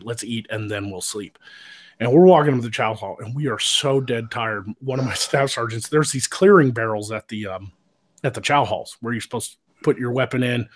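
A man's voice: medium pitch, a little hiss or hum. A man in his thirties, an army veteran, telling profane war stories in casual chat, laughing often. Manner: profane, laughing, shouts when quoting others. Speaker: podcast co-host, army veteran.

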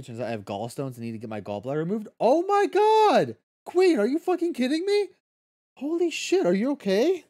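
Lively, high-voiced male game streamer. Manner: swears freely, laughs often, reacts quickly to chat. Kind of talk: casual live-stream chat, reading chat aloud.

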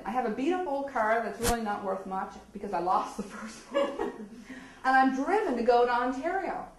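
A woman gives an animated storytelling speech, laughing often and slipping into the voices of the people she describes. Her voice sits a little high. It reaches the mic from a distance, with the echo of a hall around it. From eastern Canada. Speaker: speaker telling her story.

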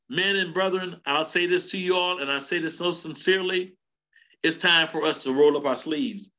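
A middle-aged man preaches to a men's gathering, his voice sitting high with a bright, ringing edge. His fervent preaching cadence keeps climbing into shouts. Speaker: elder teaching a men's session. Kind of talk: sermon.

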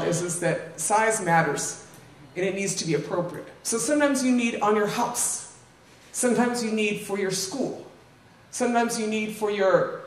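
In a lecture room, an older woman invited to speak gives an informal public talk with slides. Her voice is medium-pitched with a darkish tone, and she chats along with plenty of asides and tag questions to the audience. The distant mic makes it sound roomy, with faint ambience.

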